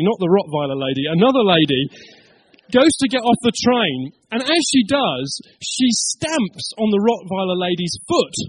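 A man's voice: sits high, breathy edge, no room sound, low-quality recording. A middle-aged man from England preaching a sermon, telling a family story in a chatty way. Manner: chatty storyteller, laughs at his own tale.

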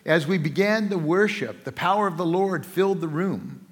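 A man preaching a sermon in a church, telling a story with lively asides, joking and voicing the people in it. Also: high-pitched, moderate pace, husky. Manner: lively storytelling with playful asides and voiced characters. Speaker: pastor. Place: church sanctuary. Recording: long hall reverb.

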